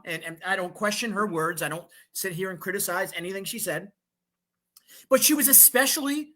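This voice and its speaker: A man's voice: sits high, sharp tone. A man hosting a political talk show, fired up and emphatic, repeating phrases and restarting his sentences. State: fired up on coffee.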